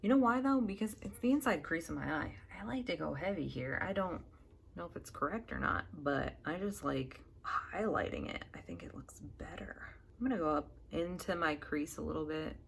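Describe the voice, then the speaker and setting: A woman's voice: low-pitched, lively intonation, normal speed, gravelly, a little hiss or hum. A young woman chatting casually while doing her makeup, rambling with lots of fillers and asides. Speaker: makeup vlogger.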